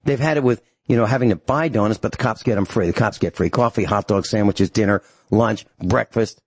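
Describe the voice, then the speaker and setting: A man's voice: lowish voice, brisk, a little mellow, slightly rough, no echo. A man hosting a talk radio show, ranting angrily and emphatically to his listeners.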